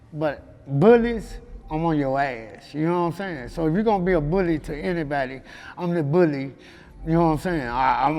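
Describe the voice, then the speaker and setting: In a casual interview with a big-room sound, a Memphis rapper guest with a Southern accent tells stories in a slightly high voice. He keeps things loose and full of laughter, repeatedly asking "you know what I'm saying".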